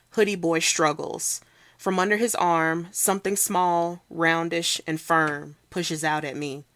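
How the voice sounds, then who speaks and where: A woman's voice: on the low side, a bit bright, dry recording. A woman reading aloud as a big, tough-talking man telling his story in a brash, swaggering first person. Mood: tense. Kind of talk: read-aloud novel.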